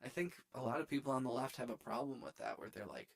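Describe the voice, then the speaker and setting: A man's voice: medium pitch, expressive, fast talker, gravelly, few pauses. A man who produces music, chatting casually on a live stream from his home studio, goofy and playfully repeating words. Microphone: studio dynamic microphone.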